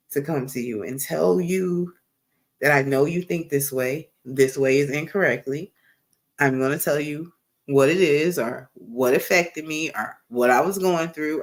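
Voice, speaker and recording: A woman hosting her own live stream, talking candidly and emphatically in a casual monologue, often repeating phrases for stress. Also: low-pitched. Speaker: livestream host.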